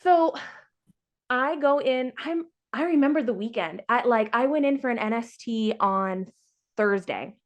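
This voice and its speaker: A woman's voice: on the high side, animated, a little slow. Frank woman telling a story, acting out dialogue. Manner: frank, exasperated. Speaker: podcast host sharing her surrogacy story. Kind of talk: casual chat.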